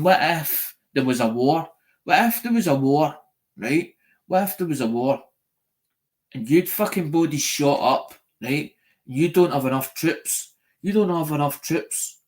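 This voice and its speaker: A man ranting in a live-stream monologue, swearing a lot, repeating himself and restarting his sentences. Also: on the high side. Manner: sweary, repetitive, restarts often.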